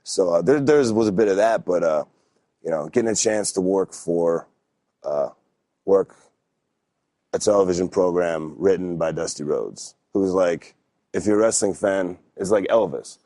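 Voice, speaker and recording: Laid-back deep-voiced man telling stories. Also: moderate pace, mellow, no echo. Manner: laid-back, rambling, lots of fillers and restarts. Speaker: wrestler, podcast guest. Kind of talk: casual storytelling interview.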